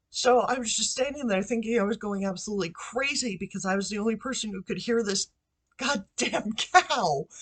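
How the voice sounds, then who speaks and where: A woman vlogging from her bedroom into a computer microphone, telling a story casually with lots of fillers and side remarks. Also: on the high side. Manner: rambling, chatty, with asides and fillers. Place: bedroom at home.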